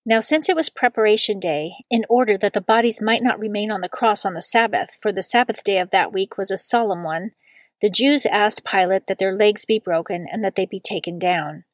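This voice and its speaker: A woman giving a steady, measured scripture reading. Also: mid-range voice, no room sound.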